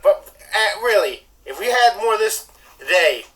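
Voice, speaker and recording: A woman's voice: mid-range voice, lively intonation, a little slow, fairly bright tone. A woman commenting wryly in a played clip.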